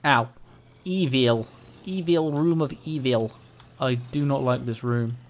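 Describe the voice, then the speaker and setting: In casual let's-play commentary, a man narrates his gameplay in a slow, drawn-out way, chatting to the on-screen monsters as though they were his friends. He giggles often and lets out sudden high yelps whenever things go wrong.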